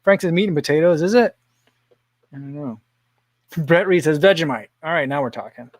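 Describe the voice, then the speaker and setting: A man's voice: on the high side, animated, normal speed, dry recording. A man hosting a casual livestream, rambling, chuckling often and reading viewer comments aloud. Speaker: livestream host.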